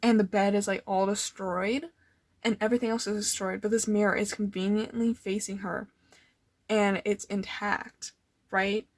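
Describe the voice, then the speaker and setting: A young woman chats through her old art in a loose, nervous ramble, stacking up filler words. Her voice sits at a middle pitch, and the recording is dry with no room echo. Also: little pitch movement, normal speed. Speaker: artist showing old sketchbooks. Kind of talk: casual rambling chat.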